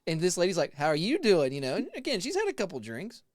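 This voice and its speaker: A man's voice: sits high, fast, dry recording, studio quality. A man in his forties, a haunted house actor, telling a story in a casual chat with laughs, acting out other people's voices. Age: 40s. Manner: animated, laughing, acts out voices.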